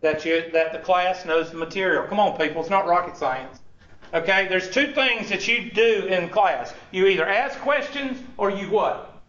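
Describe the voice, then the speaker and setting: A man's voice: sits high, animated, normal speed, fairly bright tone, distant mic. A man, a college instructor giving a classroom lecture in a teasing, sarcastic manner full of rhetorical questions. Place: large classroom. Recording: dull, echoey classroom recording from afar.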